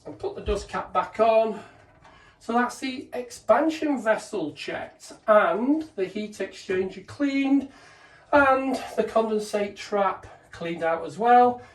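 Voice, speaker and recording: A man's voice: high voice, roomy sound. A man who trains gas engineers, casually explaining each step of a boiler service while he works on it. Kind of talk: hands-on demonstration narration. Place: indoors beside a boiler.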